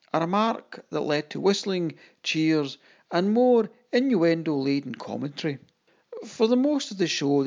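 An audiobook narrator giving a dramatic, expressive first-person reading and voicing the quoted lines. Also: medium pitch, lo-fi sound.

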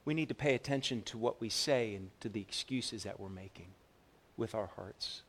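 A man preaching a sermon as pastor, telling a personal story with lively swings between loud and quiet delivery and frequent restarts. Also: lowish voice, normal speed. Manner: repeats words when restarting.

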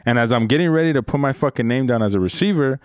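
A man's voice: mid-range voice, very fast, clean tone, dry recording, clean studio sound. A man in his twenties telling stories in casual chat, swearing a lot and laughing often. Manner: profane storytelling, laughs often, acts out quotes.

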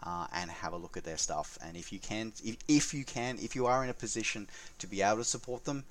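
A man's voice: lowish voice, fast, recorded from a distance. A man co-hosting a podcast in casual chat, making earnest, emphatic appeals to listeners. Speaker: podcast co-host.

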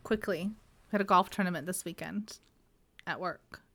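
A woman's voice: on the low side, normal speed, fairly bright tone. A woman co-hosting a podcast, telling a funny story in a wry, casual chat. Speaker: podcast co-host.

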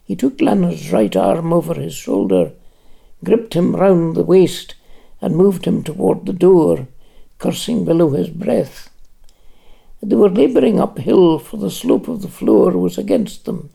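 A narrator giving a measured, expressive reading of a literary audiobook. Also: medium pitch, vocal fry, husky.

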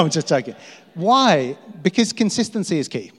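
Casting: middle-aged male pastor, slightly high voice, self-mocking storyteller, long hall reverb. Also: very animated, normal speed, breathy edge. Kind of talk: sermon.

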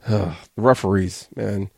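A man's voice: fairly low pitch, steady tone, slow pace, vocal fry, a little mellow, slightly rough, no room sound, clean studio sound. A man hosting a wrestling podcast, giving a blunt, sarcastic, casual review and swearing freely.

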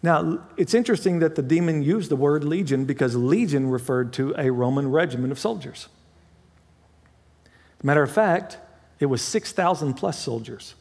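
A man preaching a sermon as pastor, talking through a scripture passage in a conversational way, with asides and quick self-corrections. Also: on the high side, vocal fry, a little mellow, in a large hall.

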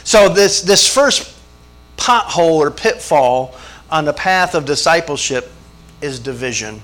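A pastor, preaching a folksy sermon with storytelling. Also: male voice, on the high side, animated, a little slow, a bit bright. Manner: folksy storytelling, acts out voices, chuckles. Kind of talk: sermon with jokes.

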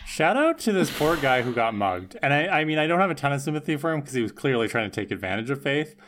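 A man's voice: medium pitch, very animated, quick pace, fairly bright tone, a little hiss or hum. A man co-hosting a casual podcast chat, making wry, joking asides about an episode. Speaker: podcast co-host.

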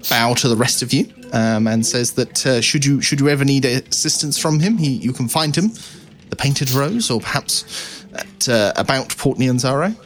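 A man's voice: mid-range voice, animated, moderate pace, soft background music. A man narrating as game master, rambling and correcting himself.

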